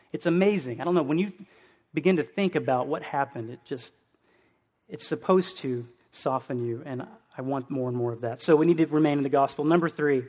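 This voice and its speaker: A young adult man preaching a sermon as a pastor, earnest and emotional, asking the listeners questions in a conversational way. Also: fairly high pitch.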